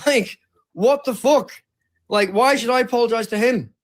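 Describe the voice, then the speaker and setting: A man's voice: very high-pitched, moderate pace, rough recording. A man in a casual group call, telling his side of events in a heated, defensive way. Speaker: livestream participant.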